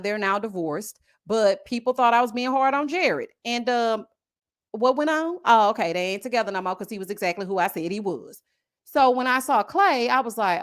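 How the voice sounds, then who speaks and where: Southern woman host, casual live-stream commentary, sassy and animated, voice a bit high. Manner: animated, sassy, drawling asides to viewers. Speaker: reality TV review host. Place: home setup with a desk mic.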